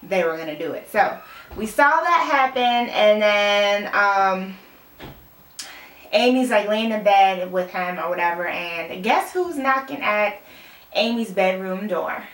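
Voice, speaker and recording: Recapping a TV episode for her vlog, a young woman rambles casually, leaning on "like" and "um" and confusing names. She speaks slowly in a mid-range, expressive, slightly bright voice. The room sounds roomy with a distant mic.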